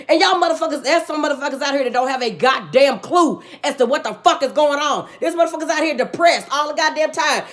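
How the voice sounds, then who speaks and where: A woman delivering an impassioned, profanity-heavy rant as a vlogger. She repeats her points emphatically and preaches, swinging between loud outbursts and low, subdued stretches.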